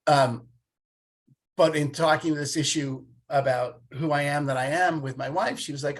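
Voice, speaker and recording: A man nearing sixty tells stories in a relaxed podcast chat, his fairly high voice husky and breathy at the edges. He gets animated, slipping into the voices of the people he quotes. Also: moderate pace. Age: 50s. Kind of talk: casual conversation.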